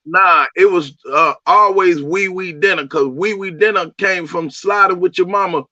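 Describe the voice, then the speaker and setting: Guy bragging crude about his songs, kinda high voice, muffled close recording. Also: normal speed, pushed and bright, no echo. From Miami, USA. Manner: boastful, crude, streetwise. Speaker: musician guest. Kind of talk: casual interview chat. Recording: dull lo-fi audio.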